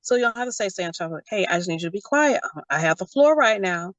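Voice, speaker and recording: A young adult woman, a guest talking casually and telling animated stories, often acting out what others said. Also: mid-range voice, fast, no echo, lo-fi sound. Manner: animated storytelling, quotes others in character. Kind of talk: casual conversation.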